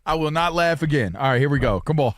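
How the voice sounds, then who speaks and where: A man co-hosting a casual sports talk radio show, jokey with quick teasing interjections. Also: a little high, expressive, no echo, clean studio sound.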